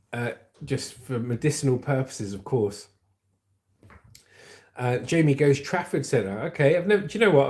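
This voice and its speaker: A man's voice: medium pitch, a little mellow. A man hosting a casual livestream, chatting in a rambling way and reading out viewer comments. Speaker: livestream host.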